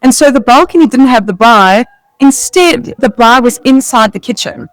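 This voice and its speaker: A woman's voice: on the high side, lively intonation, moderate pace, no room sound, rough recording. A South African woman co-hosting a casual podcast, telling stories in a chatty way with many "like" fillers. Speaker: podcast co-host. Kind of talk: casual chat.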